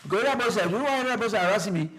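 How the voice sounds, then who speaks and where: A man with a Nigerian accent, a guest telling an animated story and acting out the people in it. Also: very fast, breathy edge. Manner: acts out quoted exchanges, shifting pitch for each person.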